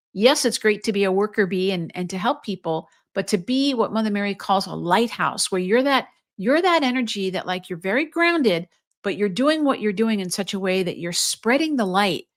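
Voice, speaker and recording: A middle-aged woman hosting a spiritual podcast, speaking softly and earnestly, encouraging her listeners and drawing out her vowels. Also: medium pitch. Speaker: podcast host and spiritual teacher. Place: room with a sword behind her.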